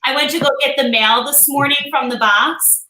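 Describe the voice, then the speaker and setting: Woman, sassy live-stream storyteller, high bright voice, roomy echo. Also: moderate pace. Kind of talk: casual chat on a live stream. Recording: roomy remote audio.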